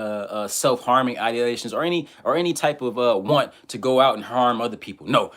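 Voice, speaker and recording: Heated man ranting on a live stream. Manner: heated, repetitive, swings from low mutter to loud outbursts; many fillers and restarts. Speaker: online commentator.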